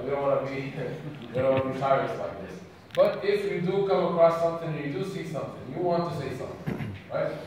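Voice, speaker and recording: A man's voice: a little high, darkish tone, a little hiss or hum. A man from Sudan giving a religious talk to a camp audience, often asking them questions. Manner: engaging, asks audience questions. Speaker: camp speaker. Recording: echoey hall, distant mic.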